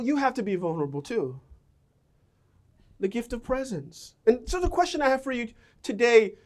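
Here a middle-aged man preaches as a pastor, swinging back and forth between booming outbursts and hushed, low lines while he tells stories at his own expense.

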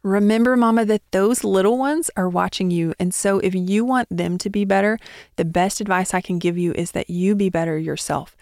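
A woman's voice: medium pitch, moderate pace, darkish tone, no echo, studio quality. A woman in her thirties hosting a solo podcast, talking in a chatty, encouraging way. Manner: chatty, encouraging, with small laughs. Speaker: podcast host.

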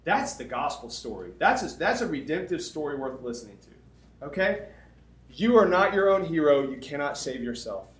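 A man preaching to a camp crowd, telling a comic story with dramatic pauses, laughs and sudden shouts. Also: a little high, very animated. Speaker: camp speaker. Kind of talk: storytelling sermon. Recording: echoey room, faint background noise.

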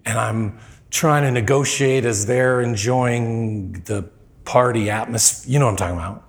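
A man preaching, telling a personal story with lively acted-out quotes. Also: medium pitch, moderate pace. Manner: animated storyteller, acts out quoted lines. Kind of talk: sermon storytelling.

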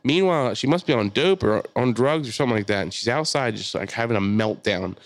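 A man telling a long story in casual podcast chat, acting out the people in it with shouted lines. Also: mid-range voice, a little fast. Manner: animated storyteller, mimics shouting voices. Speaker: podcast co-host.

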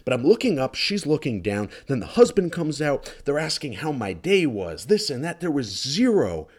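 Exasperated man ranting with lively pitch. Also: normal speed. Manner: exasperated, sarcastic, swings between loud outbursts and muttered asides. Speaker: ranting commentator. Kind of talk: comedic solo rant. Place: condo.

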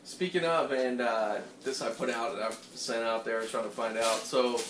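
A man's voice: mid-range voice, steady tone, moderate pace, fairly bright tone, reverberant, far from the mic, slight background noise. A man co-hosting a casual podcast with his wife, easygoing and laid-back, chiming in to correct details. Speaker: podcast co-host. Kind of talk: casual chat.

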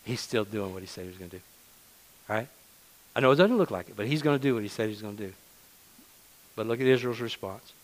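A man's voice: fairly low pitch, expressive, fast, long pauses, low-quality recording. A man preaching a sermon in a conversational, earnest manner, often repeating words for emphasis.

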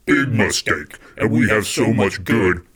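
A man reading posts through a pitched-down voice filter that makes him sound like a gloating, demonic male politician. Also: expressive, a little slow, fairly bright tone, slightly rough, full character voice. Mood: menacing. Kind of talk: comedic soundboard bit.

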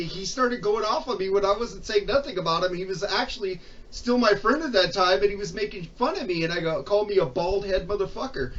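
Man, high voice, profane, heated, casual chat, off-mic, muffled line, faint hiss. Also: fairly bright tone, distant mic. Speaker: podcast guest.

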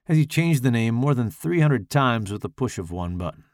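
A man narrating a horror short story in an expressive, dramatic storytelling manner. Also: medium pitch, normal speed, vocal fry, no echo, clean studio sound. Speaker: audiobook narrator.

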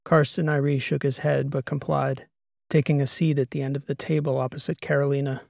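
A man narrating a science fiction audiobook in a steady, even storytelling manner. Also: medium pitch, brisk, vocal fry, no room sound, studio quality. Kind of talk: scripted narration.

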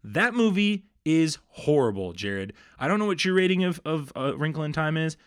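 A man co-hosting a casual podcast, ranting with animated frustration about news and movies. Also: fairly high pitch, moderate pace, clear, resonant tone, no room sound, studio quality. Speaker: podcast co-host. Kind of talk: casual chat.

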